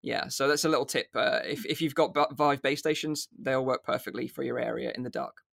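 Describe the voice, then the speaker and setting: A man's voice: mid-range voice, fairly even intonation, a little fast, vocal fry, fairly bright tone, no room sound, studio quality. A man hosting a casual podcast about VR news, chatty and filler-heavy. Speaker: podcast host.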